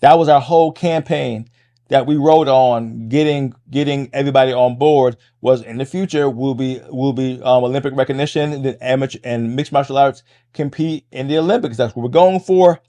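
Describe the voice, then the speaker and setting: A middle-aged man hosting a podcast, talking fast in a casual monologue, restarting phrases and tagging lines with "right?". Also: mid-range voice, warm tone. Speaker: podcast host and MMA coach.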